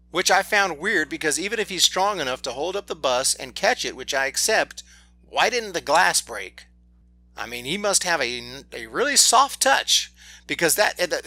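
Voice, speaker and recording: A man's voice: on the high side, pushed and bright, no echo. A man reviewing a movie in an opinionated rant, exasperated and nitpicking as he complains.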